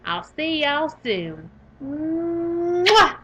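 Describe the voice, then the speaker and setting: A woman's voice: a little high, moderate pace, muffled recording, a little hiss or hum. Bubbly Southern-accented young woman gamer. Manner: bubbly, gushing, animated. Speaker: gaming YouTuber. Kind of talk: reading a visual novel aloud with commentary.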